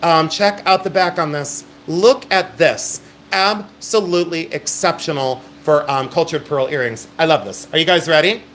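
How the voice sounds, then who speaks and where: A man's voice: on the high side, moderate pace, a bit bright, slight background noise. A middle-aged man hosting a live-stream jewelry sale, with chatty, emphatic sales patter.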